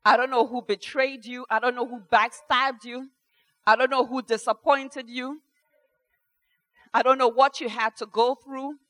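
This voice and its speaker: High-voiced impassioned woman preacher. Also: fairly even intonation, a little slow, low-quality recording. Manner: impassioned, swings from hushed to shouting; repeats phrases for emphasis. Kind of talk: sermon.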